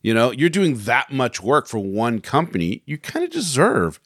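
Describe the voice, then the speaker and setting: A man's voice: medium pitch, wildly swooping pitch, normal speed, a bit bright, dry recording, studio quality. Laid-back man co-hosting. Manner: laid-back, short agreeing replies. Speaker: podcast co-host. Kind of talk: casual podcast chat.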